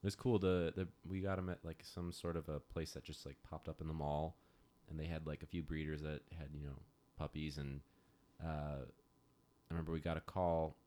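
A young man in casual chat, telling stories in an animated, chatty way. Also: very deep voice, normal speed. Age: young adult.

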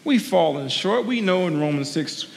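A man with a fairly high, gravelly voice preaches a sermon as a guest speaker. He is earnest and conversational, drives his points home by repeating them, and drifts into personal asides. His voice rings with the long reverb of a large church hall. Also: expressive, normal speed. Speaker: guest preacher, sports team chaplain.

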